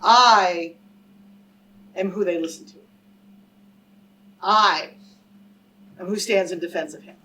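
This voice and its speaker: Speaking slowly with long pauses, a woman scholar in a somewhat low, pushed, bright voice gives a public lecture and tells a story to a live audience. Her manner is emphatic and direct, and she frequently puts questions to the crowd. The recording catches her a bit distant from the mic over faint background noise.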